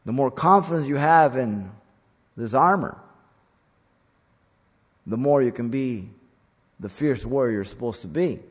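Slow, husky male preacher in a hall. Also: medium pitch, animated. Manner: emphatic, deliberate preaching with sudden stresses. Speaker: pastor. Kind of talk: sermon. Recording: long hall reverb.

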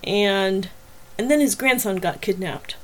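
A woman voicing an adult heroine who speaks quietly and with feeling in an audiobook. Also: mid-range voice, measured pace, close to an everyday voice, poor audio. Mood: heartfelt. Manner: quiet and heartfelt.

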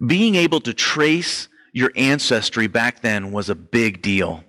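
Man, pastor type, bright forward voice, chatty sermon delivery, lots of "like" and "um". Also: medium pitch, big pitch swings, a little slow. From Western Europe ancestry only; none. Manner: conversational, filler-heavy, says "like" often. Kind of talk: casual sermon teaching.

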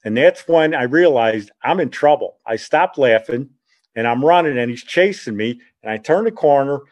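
A middle-aged man telling a childhood story in a rambling, animated way, often correcting himself partway through. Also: mid-range voice, moderate pace. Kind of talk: casual spoken reminiscence.

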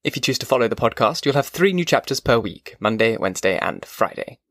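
A man narrating a classic novel as an audiobook, in a measured literary reading, then speaking more casually as he signs off. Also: medium pitch, lively intonation, no echo.

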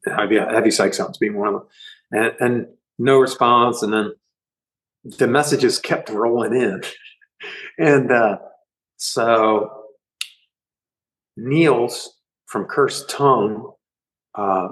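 A man's voice: mid-range voice, poor audio. Rambling, swearing middle-aged man. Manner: rambling, profane, animated retelling. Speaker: band musician guest. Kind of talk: casual storytelling interview.

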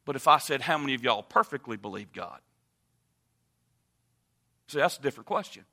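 A man preaching a sermon in a church, moving from quiet teaching to loud, impassioned appeals. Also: a little fast. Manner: builds from low calm to loud impassioned preaching. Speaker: pastor. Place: church sanctuary.

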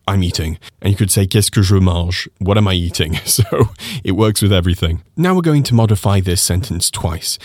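A man teaching French pronunciation on a podcast, lively and animated, slowing down to repeat phrases for the listener. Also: deep voice, no room sound, clean studio sound.

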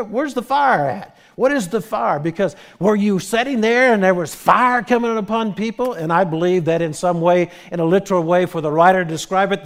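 High-voiced preacher man. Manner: animated, retelling with quoted dialogue and restarts. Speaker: pastor. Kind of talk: sermon.

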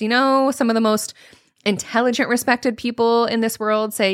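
A woman in her thirties hosting a solo coaching podcast, talking casually and profanely, with high-pitched mock voices when she quotes people. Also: steady tone, fairly quick, no echo, clean studio sound.

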